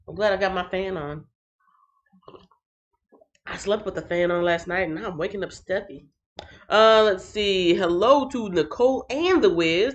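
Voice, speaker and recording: Her voice fairly low and the sound lo-fi, a woman livestreams a relaxed Bible reading from her phone. Playful throughout, she welcomes viewers by name, sums up chapters with humor, reads out chat comments, and breaks into song and laughter.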